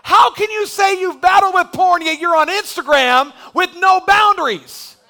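High-voiced man preaching with rising fervor. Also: moderate pace, gravelly. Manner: impassioned preaching that builds to shouting. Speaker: pastor. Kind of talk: sermon. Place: church sanctuary.

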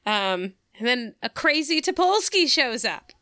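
A woman trades dry, wry remarks in a casual recap podcast. She speaks slowly, and her voice is smooth and bright. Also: high voice, big pitch swings, dry recording. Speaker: podcast co-host.

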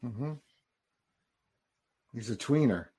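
A man's voice: mid-range voice, animated, slow pace, dark tone, breathy edge. A man giving casual, jokey commentary while watching a film with a friend. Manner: chatty, jokey asides and reactions.

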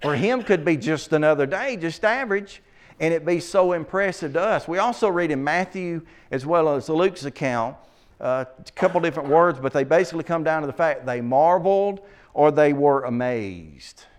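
A man leading a Bible study, reading scripture aloud slowly and asking his listeners questions. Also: a little high, lively intonation. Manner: reads scripture aloud slowly, then asks the class questions.

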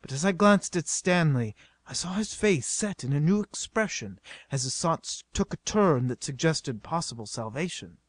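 A man's voice: on the high side, moderate pace, dry recording. Man narrating an adventure novel. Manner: steady, dramatic reading. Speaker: audiobook narrator.

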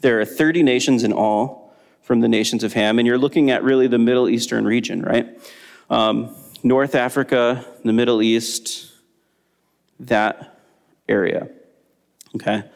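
A man teaching a Bible study lesson, explaining in a relaxed way with frequent ums. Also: medium pitch, measured pace, creaky, pauses often, in a large hall.

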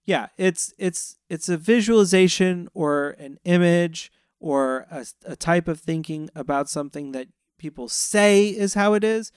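A man's voice: high-pitched, a little slow, few pauses, smooth, no echo, studio quality. A middle-aged man from the Florida Panhandle, co-hosting a casual film discussion as a parent, talking thoughtfully and circling back with restarts. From Florida Panhandle, US South. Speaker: co-host, parent.

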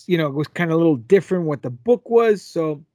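A man with a slightly high voice, recorded close and dry. He hosts a casual podcast, reads out news items, stumbles over his words and cracks jokes. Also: lively intonation, a little fast, mellow, no room sound. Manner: loose, stumbling, joking. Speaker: podcast host.

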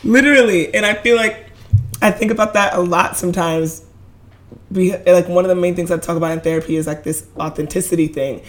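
A woman from Brooklyn talking quickly in a casual chat as podcast co-host, often laughing. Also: lowish voice, steady tone.

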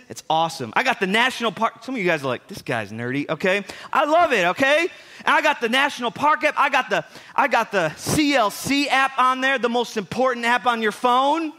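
Young male pastor, high and bright voice, chatty animated sermon delivery. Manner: conversational, animated preaching with asides.

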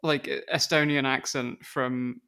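A man's voice: mid-range voice, level tone, unhurried, vocal fry, sharp tone, clear, resonant tone. A man co-hosting a comedy podcast, chatting in a loose, rambling way. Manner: laughing easily, loose and rambling. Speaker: podcast co-host. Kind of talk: comedic show recap chat.

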